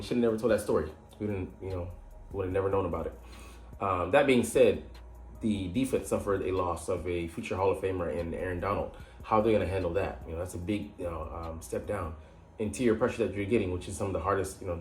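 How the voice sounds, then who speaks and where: Rambling man breaking down football in an echoey room. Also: fairly low pitch. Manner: rambling, many fillers and restarts. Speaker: podcast host. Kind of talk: casual sports analysis monologue. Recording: echoey room with faint background noise.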